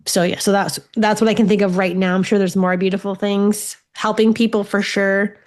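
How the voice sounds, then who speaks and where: This woman in her forties, from Ontario, Canada, hosts a casual solo podcast as a spiritual medium. Her mid-range voice is flat and darkish at a normal speed, and she tells chatty stories while swearing freely.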